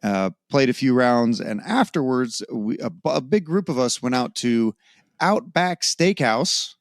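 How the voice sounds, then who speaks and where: A man's voice: mid-range voice, lively intonation, moderate pace, a little mellow, dry recording, clean studio sound. Casual rambling male podcast host. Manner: loose, rambling, swears casually. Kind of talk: casual chat.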